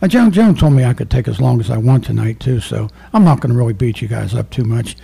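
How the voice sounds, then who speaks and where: A former undercover narcotics officer turned poet, giving a rambling, profane poetry reading full of stories. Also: male voice, mid-range voice, lively intonation, fast, creaky, mellow, slightly rough. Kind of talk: live poetry reading with storytelling.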